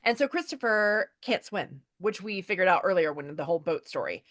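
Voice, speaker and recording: A woman co-hosting a casual book podcast who retells the plot in a lively way, full of "like". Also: fairly low pitch, fairly quick, no echo, clean studio sound. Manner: lively retelling of the story, with frequent "like" and laughs. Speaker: podcast co-host.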